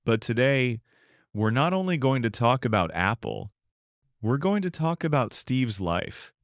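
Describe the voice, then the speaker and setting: Guy co-hosting a learn-english podcast, calm and explaining, dry close mic. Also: mid-range voice, unhurried, no room sound. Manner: calm, explanatory, defines words simply. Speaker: podcast co-host. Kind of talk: scripted English-learning dialogue.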